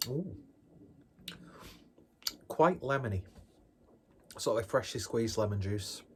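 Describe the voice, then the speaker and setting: A man's voice: medium pitch, lively intonation, slow, slight background noise. A man casually reviewing a beer on his vlog in a rambling, jokey, self-deprecating way.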